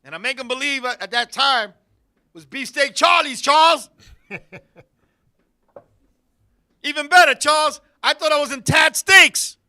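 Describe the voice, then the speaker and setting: A man hosting a talk show in a studio, telling a comedic story with loud bursts and laughing asides. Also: very high voice, unhurried, pauses often. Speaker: podcast host.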